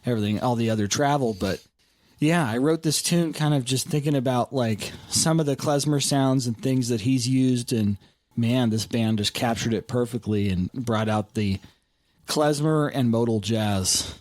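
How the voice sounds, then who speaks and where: A man's voice: medium pitch, moderate pace, darkish tone, no echo, clean studio sound. A man talking as a composer and bandleader guest, enthusiastic and joking, with lots of "you know" and "man.". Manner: enthusiastic, jokey, many fillers. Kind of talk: casual interview.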